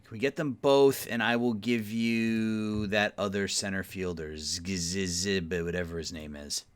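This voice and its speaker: A man's voice: on the low side, steady tone, normal speed, smooth. A man casually thinking aloud while he manages a baseball team in a video game, sleepy and yawning now and then, muttering as he weighs trades. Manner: mutters trade talk to the game's teams. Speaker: gaming YouTuber playing a baseball management sim. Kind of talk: casual let's-play commentary.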